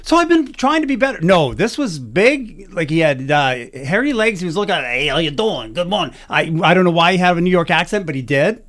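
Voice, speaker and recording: A man's voice: sits high, a little fast, few pauses. A middle-aged man, hosting a morning radio show and telling jokey stories in a casual chat. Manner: animated, jokey storyteller.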